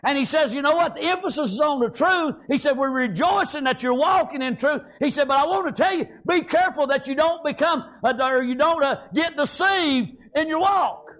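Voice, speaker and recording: A man preaching a revival-style sermon, reading scripture slowly, then breaking into emphatic shouts with frequent amens and praise Gods. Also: very high voice, lively intonation. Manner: drawn-out scripture reading with pauses; breaks into shouts on key points.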